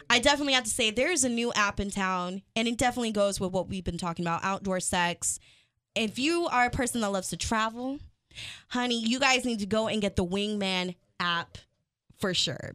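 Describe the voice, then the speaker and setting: A woman's voice: a little high, a bit bright. A woman hosting a radio chat show, brash and profane. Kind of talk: casual chat.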